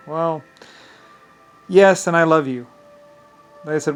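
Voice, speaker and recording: A man's voice: fairly high pitch, fairly even intonation, a little fast, long pauses, faint music behind. A man vlogging in a rambling, profane monologue, full of grand claims and frequent laughter.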